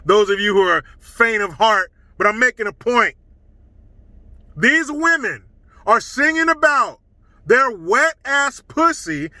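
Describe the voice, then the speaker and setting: A man's voice: very high-pitched, sharp tone, dry recording, rough recording. A middle-aged man giving a blunt, scornful opinion monologue as a commentary vlogger.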